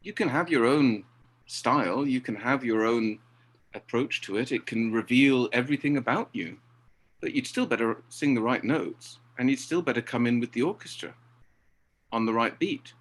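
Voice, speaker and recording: A middle-aged man talking about directing, lively and acting out exchanges he quotes. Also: mid-range voice, moderate pace. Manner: animated, acts out quoted exchanges. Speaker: theatre director. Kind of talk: conversational interview.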